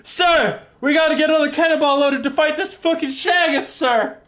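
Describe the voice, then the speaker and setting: A man's voice: extremely high pitch, moderate pace, fairly bright tone, pitched above the performer's own voice. A man voicing a panicky young male tank gunner who pleads frantically and swears. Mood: panicked.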